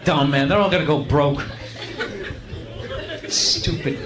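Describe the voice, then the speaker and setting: A man's voice: fairly high pitch, slow pace. A man in his thirties doing stand-up comedy, self-mocking and exasperated. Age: 30s. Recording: echoey club with crowd laughter and noise.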